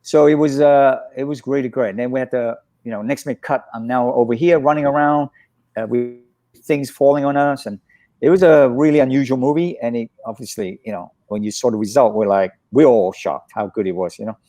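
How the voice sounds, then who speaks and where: Man, stunt coordinator guest, casual storytelling, animated, mid-pitched voice. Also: fairly quick. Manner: animated, acts out quotes.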